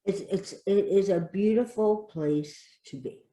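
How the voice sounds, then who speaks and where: An emphatic woman talks as an expert guest on a podcast, driving her points home by repeating them. Her voice is mellow and relaxed in tone. The sound carries a noticeable room echo. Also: mid-range voice, unhurried. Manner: emphatic, repeats key phrases. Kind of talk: podcast conversation.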